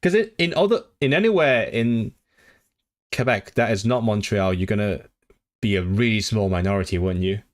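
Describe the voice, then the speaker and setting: A man's voice: fairly low pitch, moderate pace. Rambling man chatting on a livestream. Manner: rambling, frequent restarts and fillers, reads chat aloud; enthusiastic about languages. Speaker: language streamer. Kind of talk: casual livestream chat.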